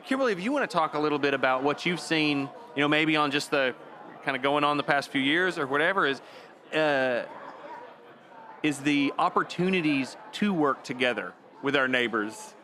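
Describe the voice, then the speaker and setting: A man's voice: a little high, animated, moderate pace, pushed and bright. A man moderating a panel discussion, enthusiastic as he hands turns to the guests.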